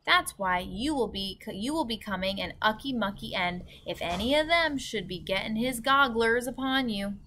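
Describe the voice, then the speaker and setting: A woman's voice: on the high side, pushed and bright, slight background noise, voice pushed up. A woman voicing a big, friendly male giant with jumbled grammar in a children's book read-aloud. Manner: jumbled words and grammar, earnest.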